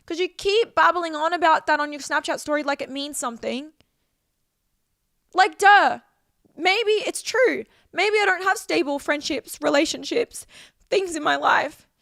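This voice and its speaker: Close, dry audio with no room echo captures a woman in her 20s ranting to camera in a heated, profane, emotional vlog. She is unhurried, and her voice sits high, a bit bright, with a gravelly fry.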